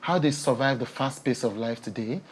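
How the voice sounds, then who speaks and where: A woman who hosts a talk show, speaking as a guest on a TV studio interview; animated and emotional, laughing often. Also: rumbling low, moderate pace, a little hiss or hum. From Nigeria. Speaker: talk show host and media entrepreneur.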